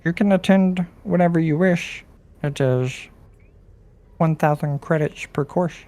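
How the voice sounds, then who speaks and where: A calm insectoid school official, formal and unhurried, played by a man as a tabletop game master. Each word comes slowly, with a gravelly edge. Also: on the high side, voice pushed up. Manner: slow, measured, formal speech.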